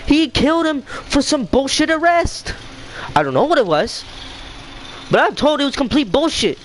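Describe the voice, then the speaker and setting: Young man, high voice, furious swearing rant, faint hiss behind. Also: big pitch swings, normal speed, rough recording. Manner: heated, swearing, repetitive. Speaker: vlogger. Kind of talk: angry rant to camera.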